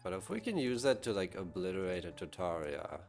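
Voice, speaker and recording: A man's voice: sits low, very animated, brisk, a little mellow, soft background music. A man streaming a game live, thinking aloud and talking to his chat in a casual, musing way. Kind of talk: casual live-stream commentary while gaming.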